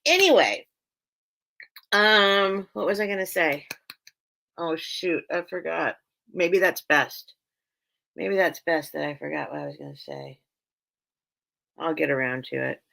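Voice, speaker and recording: A woman hosts a live sale stream in a loose, chatty way, wandering off topic and laughing as she goes. Her voice is bright and a little sharp, and she talks in an unhurried, drawn-out manner. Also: deep voice, very animated, gravelly. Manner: rambling, chatty, laughs often, loses train of thought. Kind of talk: casual live-stream chat.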